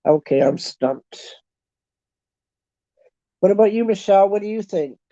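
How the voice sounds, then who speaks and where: A Canadian woman chatting casually in a slow, unhurried way, often thinking aloud and poking fun at herself. Her voice is mellow and dark, and it sounds close and dry. The recording is dull and lo-fi. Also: medium pitch, lively intonation, no room sound. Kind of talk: casual chat with online viewers.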